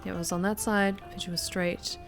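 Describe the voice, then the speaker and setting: A woman's voice: medium pitch, flat delivery, a little fast. A woman streamer chatting casually through live gameplay, thanking viewers by name. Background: music.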